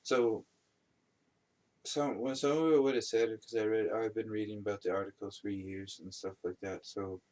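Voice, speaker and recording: Low-voiced man rambling on a podcast. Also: fairly even intonation, normal speed, a little mellow. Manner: rambling, many ums and restarts, laughs at himself. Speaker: podcast host. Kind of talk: casual solo podcast rambling.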